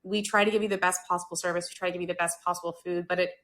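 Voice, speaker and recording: An American woman hosts a hospitality talk show, her lowish voice holding a level tone as she rattles off words rapid-fire with a fairly bright quality. She works in hospitality and podcasts, chatting earnestly and casually with plenty of fillers.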